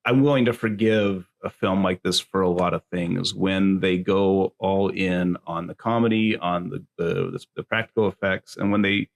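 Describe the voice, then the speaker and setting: A man's voice: sits low, steady tone, normal speed, vocal fry, hardly any pauses. A man co-hosting a podcast, talking about a gory horror film with rambling, swearing enthusiasm. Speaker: podcast co-host. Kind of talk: casual film discussion.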